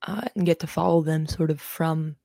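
Low-voiced woman rambling through a podcast. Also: fairly even intonation, normal speed, gravelly, warm tone, no room sound, studio quality. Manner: rambling, lots of "um" fillers, swears casually. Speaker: podcast co-host. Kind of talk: casual chat.

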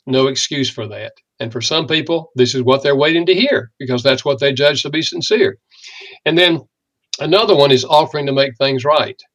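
An older man, a marriage counselor, teaching in a relaxed conversational way and acting out the quoted lines of his stories. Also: mid-range voice, brisk. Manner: acts out quoted apologies in lively storytelling.

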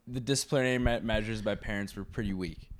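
A man's voice: on the low side, fast talker. A man in his twenties co-hosting a podcast, talking loosely and profanely in rambling stories. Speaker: podcast co-host. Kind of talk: casual podcast banter.

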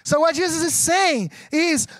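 A man with a notably high voice preaches a sermon in English, which he learned as a second language. His pastoral delivery is animated and chatty, and he keeps asking the room if they follow him. The sound is close and dry. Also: unhurried, dry recording. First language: not English. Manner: animated, conversational preaching with frequent audience check-ins.

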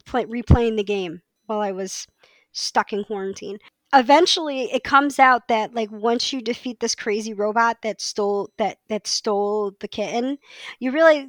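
A woman's voice: a little high, a bit bright, no room sound. A woman co-hosting a podcast in casual chat, enthusiastic and chatty, often restarting her sentences. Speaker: podcast co-host.

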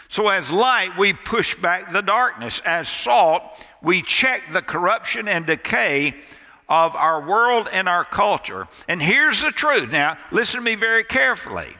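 A man pastor delivers his sermon in a high, bright, forceful voice. He speaks slowly and drives home each point with emphatic repetition. His voice carries a long reverb from a church sanctuary. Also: sing-song. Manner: emphatic, repeating phrases for stress.

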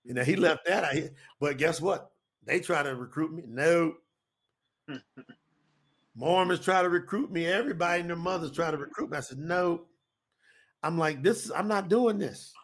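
A man, preaching to an audience in a folksy, animated, repetitive way. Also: fairly high pitch, fairly quick. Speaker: preacher and co-host.

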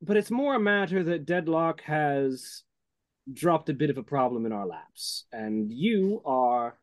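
A man running a tabletop game as game master, describing the world in an unhurried way with frequent fillers. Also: on the high side, animated, dry recording.

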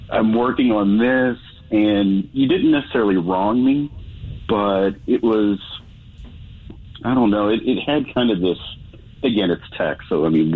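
A man's voice: on the low side, husky. A man calling in to a radio show, rambling and hesitant with lots of restarts. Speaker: caller. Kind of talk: casual radio call-in chat. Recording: tinny phone line.

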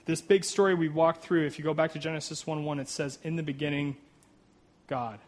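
A man's voice: fairly high pitch, fairly even intonation, brisk. A man preaching a sermon, earnest, reading scripture aloud and tossing in "right?" asides and self-deprecating jokes. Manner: reads scripture aloud with rising emphasis. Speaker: pastor.

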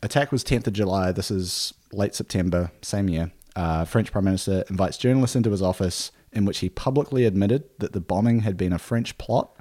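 A man with a low voice hosting a casual history podcast, working through his notes in a relaxed way. He fills pauses with "uh" and "um" and laughs easily. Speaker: podcast host.

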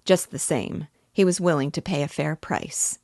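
A woman narrating a novel aloud in a steady, measured way. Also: sits low, no echo, studio quality.

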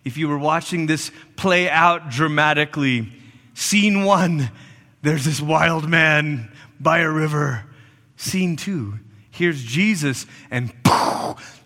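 High, bright-voiced preacher in a big hall. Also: male voice. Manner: animated storytelling with playful asides. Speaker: pastor. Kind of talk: sermon.

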